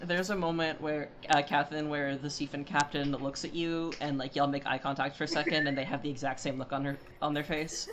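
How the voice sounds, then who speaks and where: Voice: mid-range voice, flat delivery, brisk, hardly any pauses, fairly bright tone, a little hiss or hum. A game master casually narrating a tabletop role-playing game with fillers and laughter.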